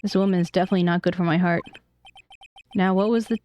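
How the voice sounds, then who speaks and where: A woman's voice: on the low side, fairly even intonation, quick pace, a little mellow, slight background noise, lightly acted. A woman reading the lines of a nervous, wry young male defense lawyer with dry sarcastic asides. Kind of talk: reading game dialogue aloud.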